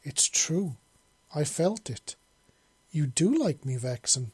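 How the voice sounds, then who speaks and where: A man reading a storybook, voicing an earnest, excitable young human woman who speaks with wonder. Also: mid-range voice, normal speed, dry recording, natural voice. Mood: excited.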